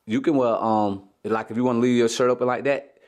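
Joking, profane father hosting a family vlog at home, mid-pitched, teasing banter. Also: steady tone, a little fast, darkish tone. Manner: laughs often while ribbing his family. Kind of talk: casual family vlog chat.

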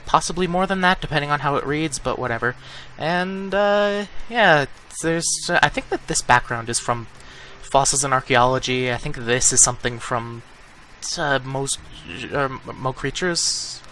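A man's voice: mid-range voice, pushed and bright, slight background noise. A young man casually commenting while setting up a modded game, rambling with lots of ums and little chuckles, close to a desk mic. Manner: chuckling, easygoing. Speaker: let's play host. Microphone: desk microphone, breathes into it.

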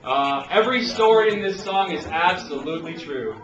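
A man's voice: sits high, lively intonation, moderate pace, over music. A man performing as a bard at a tavern, trading jokey banter with the crowd and singing a drinking song, often laughing. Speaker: bard and singer-songwriter. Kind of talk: live folk performance, joking banter and singing. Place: indoor tavern at a festival event. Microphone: handheld camcorder from the audience. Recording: distant, echoey, dull lo-fi camcorder sound. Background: loud instrument accompaniment.

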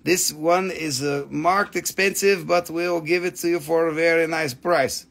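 A man's voice: a little high, steady tone, unhurried, gravelly, a bit bright. Crude, joking man selling crystals. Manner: crude joking sales patter. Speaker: live sale host. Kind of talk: live shopping stream.

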